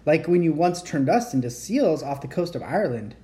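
A woman reading aloud, voicing an eager, curious young girl who asks excited questions. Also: deep voice, a little fast.

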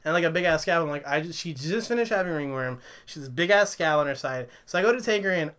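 Man, high voice, bright, rambling profane storyteller, casual podcast chat. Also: expressive, fast talker, clear, resonant tone. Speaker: podcast co-host.

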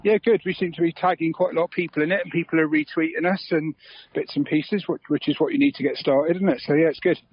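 A man's voice: on the high side, fairly even intonation, quick pace, breathy edge, dull audio. An easygoing man chatting casually in an interview about his football club, with frequent fillers. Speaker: club secretary interviewed on local radio.

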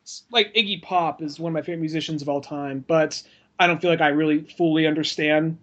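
A man with a notably high speaking voice chats casually on a podcast. He rambles, restarts his sentences and swears freely as he goes. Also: steady tone, quick pace, lo-fi sound. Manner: rambling, profane, frequent restarts and laughter. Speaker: podcast co-host or guest. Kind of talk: casual chat.

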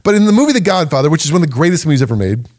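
Male podcast teacher: animated, emphatic, laughs between points. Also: fairly high pitch, racing. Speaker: podcast host and Bible teacher.

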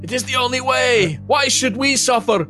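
A man's voice: expressive, normal speed, bright, forceful tone, faint music behind, exaggerated voice. A man voicing a frightened village crowd that chants for a girl to be handed over. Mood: desperate. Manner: high, strained chanting.

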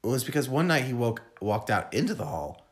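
Animated, laughing male podcast host. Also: mid-range voice, fairly quick. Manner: animated, laughs often, curses casually. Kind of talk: casual chat.

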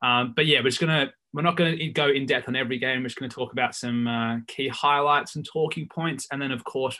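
A man hosting a football podcast in a relaxed, chatty way, often pausing with ums. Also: medium pitch. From England. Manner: laid-back, lots of ums and "so yeah". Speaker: podcast host. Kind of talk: casual chat.

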